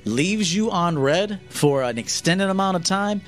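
A man's voice: high-pitched, expressive, unhurried, faint music behind. A man giving a blunt, profane lecture to men as a dating coach on a livestream.

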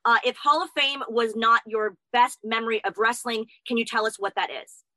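A woman's voice: a little high, steady tone, normal speed, sharp tone, no room sound. A woman hosting a podcast in casual, effusive chat. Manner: chatty and effusive. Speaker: podcast host.

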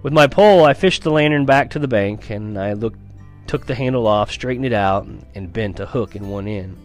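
A man with a slightly low voice reads a first-person story aloud, earnest and unpolished, now and then tripping over a word and starting it again. Soft music plays faintly behind his reading. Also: moderate pace. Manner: earnest storytelling with small restarts and stumbles. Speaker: reader of a novel.

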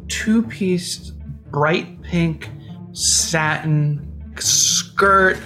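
A woman casually telling a story as a guest, relaxed and acting out quoted voices. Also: lowish voice, very slow, faint music behind.

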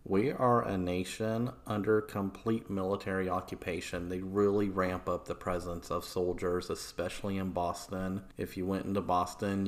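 Low-voiced man casually narrating history. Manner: loose, profane, conversational storytelling. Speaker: history podcast host.

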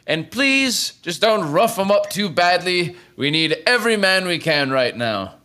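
A man playing a stern, world-weary master of a mercenary college, speaking in a dry, clipped way to new recruits in a tabletop game. The voice is bright and fairly high. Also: sing-song, a little slow, full character voice. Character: busy gruff male college master Nisby.

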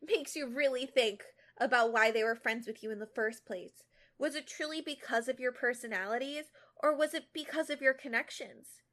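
A sly teenage bully with a high, sugary voice that turns cutting, drawing out each line, as a young woman puts her on. Read aloud casually from a fan story. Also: normal speed, fairly bright tone, close to an everyday voice. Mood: sneering.

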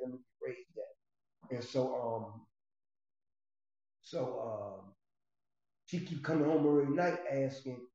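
A man's voice: medium pitch, steady tone, takes it slowly, pauses often, mellow. A middle-aged man casually telling a story from his past, streetwise and profane, rambling with restarts. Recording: roomy, slightly dull recording.

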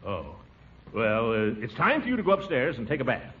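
An actor playing a pompous, excitable middle-aged official in 1940s radio comedy. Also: male voice, mid-range voice. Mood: bossy. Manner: blustering, bombastic, quick to alarm. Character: pompous excitable middle-aged man, town water commissioner. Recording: muffled old radio broadcast with hiss.

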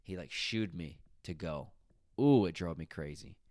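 Deep-voiced man telling a casual story. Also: animated, unhurried, a little mellow, dry recording, studio quality. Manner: conversational, reflective, self-deprecating. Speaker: teacher.

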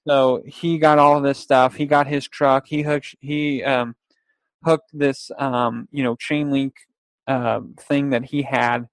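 A man's voice: mid-range voice, little pitch movement, slow pace, dry recording. A young man telling a long casual story with restarts and quotes, in a dry, close recording. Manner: rambling, with restarts, laughs and acted-out quotes.

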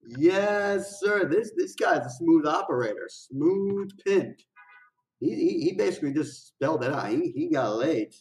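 A man hosting a music reaction video, chatting casually in excited slang and often repeating his phrases. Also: a little high, a little slow, recorded from a distance, rough recording. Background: the song playing faintly.

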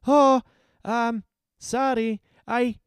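A man's voice: high voice, huge pitch swings, unhurried, mellow, no room sound, pitched above the performer's own voice, full character voice. A man voicing a bold, cheeky young woman hero in a read-aloud story, talking brash and playful.

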